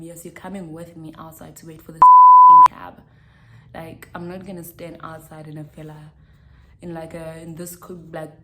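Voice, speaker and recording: A woman with a South African accent talks straight to camera in a storytime vlog, re-enacting what she said with lots of "like" along the way. Her voice is bright and a touch low, with faint noise in the background. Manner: animated, re-enacts her own lines; frequent "like" fillers. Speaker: vlogger. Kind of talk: storytime monologue.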